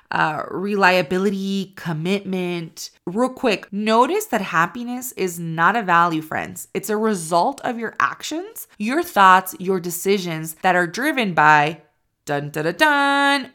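A woman's voice: medium pitch, bright, forceful tone. A woman hosting her own podcast, talking in an encouraging, candid way and swearing casually. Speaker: podcast host. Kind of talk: motivational podcast talk.

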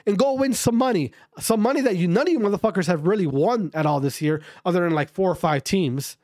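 A man ranting to his viewers about amateur esports players in a profane, fired-up way, then calmly going over the latest news. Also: high-pitched, fast talker, hardly any pauses, dry recording, studio quality. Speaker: esports commentary streamer. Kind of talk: casual rant and news rundown.

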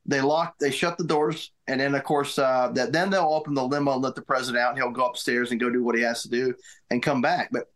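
Halting middle-aged man telling a story. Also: mid-range voice, steady tone, a bit bright. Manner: halting, many restarts and repeated words. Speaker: guest, former White House military aide. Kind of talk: casual interview storytelling.

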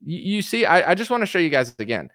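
A man giving casual political commentary on a stream, animated and mocking, acting out the people he quotes. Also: sits high, quick pace, dry recording, clean studio sound.

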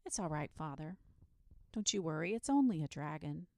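A bookish little boy talks quietly and sleepily, completely unbothered, as a woman reads his part. The voice is low and a bit gravelly, close and dry, in a storybook reading. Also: moderate pace, no room sound. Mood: calm. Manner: quiet, sleepy, matter-of-fact.

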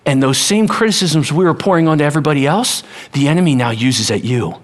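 A man preaching a sermon as pastor, animated, acting out voices and dropping to a hush at times. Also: a little high, quick pace.

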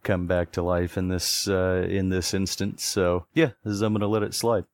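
A man with a deep voice plays in a tabletop game, hesitant and full of restarts. The sound is dry and close. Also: level tone, normal speed, dry recording. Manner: hesitant, many fillers and restarts. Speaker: player.

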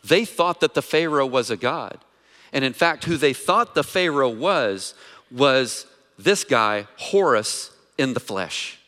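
Male pastor, conversational sermon delivery, asks the room questions, medium pitch, long church reverb. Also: animated, slow pace, sharp tone. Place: church sanctuary.

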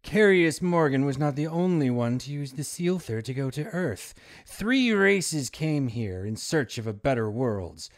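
A man's voice: on the high side, sing-song, a little slow, no room sound, clean studio sound. A man voicing a gloating witch who reveals secrets in a menacing way. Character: cackling gloating female witch, a hag.

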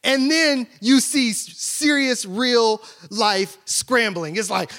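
A man's voice: very high voice, lively intonation, takes it slowly, bright, forceful tone. A middle-aged male pastor preaching a sermon, telling family stories and acting out their voices. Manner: storytelling, acts out family voices.

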